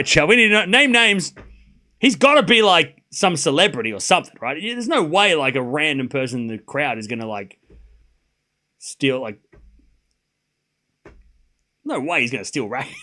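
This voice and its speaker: Guy streaming tennis commentary, high bright voice, laughs a lot, keeps asking chat who this guy is. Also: sing-song, normal speed, pauses often. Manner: chatty, incredulous, laughs often, addresses chat. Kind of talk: casual live-stream commentary.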